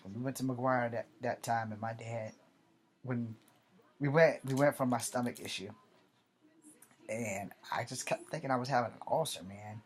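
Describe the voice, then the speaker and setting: A man in his forties tells a story from his own life in a loose, unscripted way. He swears freely, restarts his sentences and corrects himself as he goes. His voice sits at an ordinary middle pitch for a man. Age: 40s. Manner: rambling, profane, often corrects himself. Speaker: army veteran vlogger. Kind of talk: casual personal storytelling.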